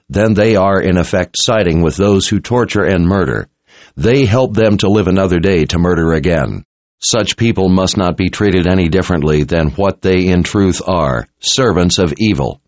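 A man's voice: low voice, no room sound, muffled recording. A man voicing a grim, ruthless male warrior leader in a storybook reading, with hard, commanding orders.

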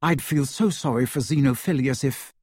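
A man's voice: mid-range voice, moderate pace, a little mellow, breathy edge, dry recording, studio quality, lightly acted. A man reading aloud voices a blunt, easygoing teenage boy wizard who argues casually. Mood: casual, arguing.

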